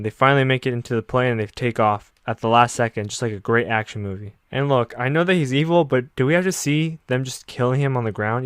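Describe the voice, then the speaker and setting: Smooth-voiced, blunt male anime recapper. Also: mid-range voice, fairly bright tone, no echo, studio quality. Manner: blunt, profane and opinionated.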